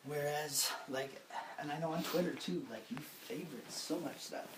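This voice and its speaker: A man's voice: a little high, normal speed, roomy sound, background noise. A young man with a cold, chatting casually as podcast co-host and making dry jokes at his own expense, recorded on a phone lying on a table. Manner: rambling, dry self-mocking jokes. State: sick with a cold. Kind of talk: casual chat. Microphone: phone laid on a table.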